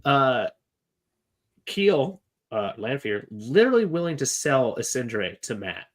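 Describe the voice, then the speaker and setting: A man co-hosting a casual podcast, rambling through a book discussion with plenty of "like" and "you know". His voice sits at an ordinary pitch, and he drops in crude jokes as he goes. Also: big pitch swings, takes it slowly. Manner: rambling, filler-heavy, joking. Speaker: podcast co-host.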